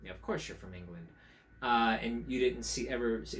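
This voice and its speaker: A man's voice: medium pitch, normal speed. A male teacher reading a picture book aloud to children and playfully chatting with puppets. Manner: animated, playful, warmly teasing. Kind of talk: children's story-time reading and puppet chat.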